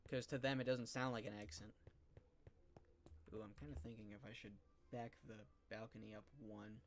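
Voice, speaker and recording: A man's voice: lowish voice, little pitch movement, moderate pace. Rambling man chatting on a game stream. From California. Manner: rambling, filler-heavy and thinking aloud. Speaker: streamer and host. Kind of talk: casual chat while gaming.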